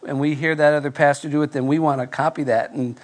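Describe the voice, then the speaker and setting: Nasal-voiced pastor telling a story. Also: male voice, on the high side. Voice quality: nasal tone, monotone. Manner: self-deprecating storytelling, halting restarts. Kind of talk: sermon with personal story. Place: church before live congregation.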